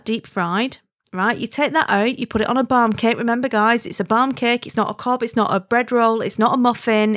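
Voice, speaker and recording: This Wigan woman's voice is on the high side and a bit bright, in a dry, studio-quality recording. Married and adult, she tells a casual story in her Wigan accent, chatty and emphatic, often checking in with "right?"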